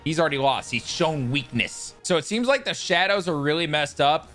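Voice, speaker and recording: A man giving excitable live commentary on his own gameplay, swearing freely and yelling at big plays. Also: a little high, moderate pace, soft background music. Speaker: gaming YouTuber.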